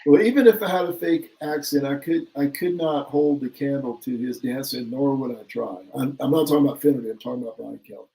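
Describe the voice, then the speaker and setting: A man's voice: medium pitch, fast, few pauses, dark tone, low-quality recording. A man co-hosting a casual sports talk show who jumps between opinions, laughs easily and reads out listener comments. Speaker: podcast co-host.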